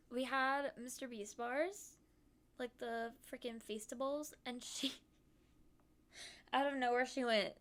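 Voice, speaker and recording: Bright-voiced young woman streamer chatting. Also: a little high, fairly even intonation, takes it slowly, pauses often. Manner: giggly, chatty storytelling. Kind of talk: casual chat.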